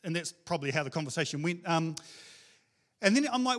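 A middle-aged man, preaching a sermon in a casual, animated storytelling way with slang. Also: on the high side, brisk. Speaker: pastor.

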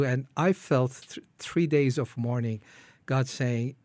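A man's voice: mid-range voice, slow, no echo. A man from Iran, founder of a ministry, tells his life story as an interview guest, earnestly acting out his own prayers.

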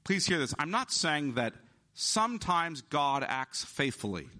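Guy preaching a sermon, kinda high voice, bright and pushy tone, leans hard on the big words. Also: sing-song. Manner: emphatic preaching, slowing down to stress key words. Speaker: pastor.

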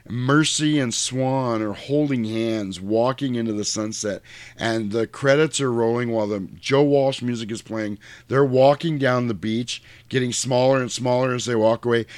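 A man in casual movie chat, telling scenes crudely and lively, sometimes jumping into shrill mock voices. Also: dry recording.

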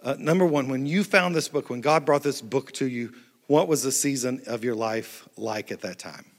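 A man preaching a lively, playful sermon to a church crowd on a handheld mic. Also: mid-range voice, moderate pace. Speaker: pastor. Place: large church hall. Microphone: handheld microphone. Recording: echoey church hall.

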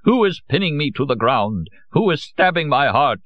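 A man's voice: on the high side, sing-song, moderate pace, dry recording, lo-fi sound, pitched above the performer's own voice. A man voicing an ecstatic man who declaims in a rapturous, theatrical way.

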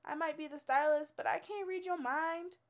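A young woman with a slightly high voice tells stories from her hairstylist days. She is blunt and exasperated, swears freely and laughs between her points. Her delivery is casual and unscripted. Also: moderate pace. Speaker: former hairstylist telling work stories. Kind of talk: casual storytelling rant.

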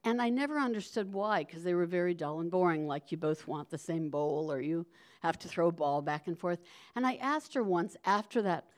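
A woman's voice: lowish voice, a little fast. A woman telling a rambling personal story live on a theater stage, often backtracking, with a wry edge. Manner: rambling, self-interrupting, wry.

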